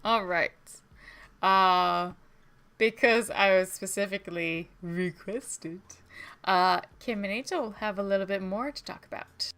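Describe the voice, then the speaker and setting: A woman's voice: mid-range voice, fairly bright tone, clean tone. A woman running a tabletop role-playing game as game master, narrating and summing up scenes with frequent fillers. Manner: brisk, wrapping up scenes, filler-heavy.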